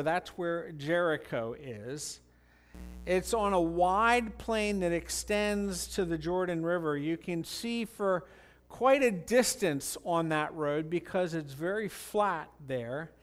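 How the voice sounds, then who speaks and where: A high-pitched man delivers a sermon at an unhurried, deliberate pace. He teaches earnestly through a scripture passage and lifts his voice when he quotes the people in the story crying out. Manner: slow, earnest Bible teaching, rising and loud when quoting cries. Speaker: pastor.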